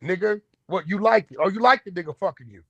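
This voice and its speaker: A man hosting an online talk room, naturally loud, blunt and aggressive, with profane casual speech. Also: sits high, fast talker, no echo, dull audio. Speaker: host. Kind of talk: heated casual chat. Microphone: online audio room.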